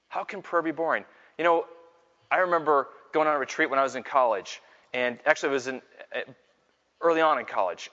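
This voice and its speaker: A middle-aged man giving a live faith talk as a Catholic speaker, telling self-mocking stories to an audience in a large hall and building to loud exclamations. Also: fairly high pitch. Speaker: Catholic speaker and Scripture teacher. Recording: dull lo-fi sound with long hall reverb.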